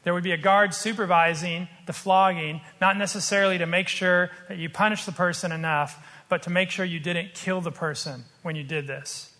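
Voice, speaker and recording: A man preaching a sermon, earnest and explanatory, slowing down to stress his points. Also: high voice, steady tone, bright, forceful tone, long reverb tail. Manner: earnest, explanatory, slows for emphasis.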